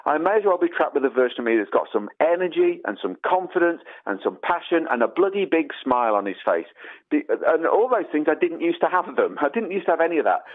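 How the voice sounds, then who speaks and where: A man's voice: a little high, fast. Emphatic English man on tinny line. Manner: animated, emphatic, storytelling. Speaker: guest expert. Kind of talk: enthusiastic conversation.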